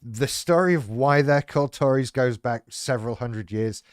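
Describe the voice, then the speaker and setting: A man talks frankly and wryly, swearing freely as he chats on a livestream. His voice sits at an ordinary middle pitch. The recording is dry and close, with no room sound. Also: normal speed, dry recording. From United Kingdom. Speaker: livestream host. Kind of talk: casual chat.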